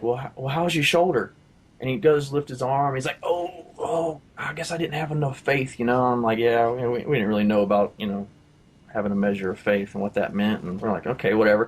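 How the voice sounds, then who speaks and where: A man telling his own faith testimony in a casual, rambling way, full of fillers and acted-out quotes. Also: medium pitch. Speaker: testimony teller.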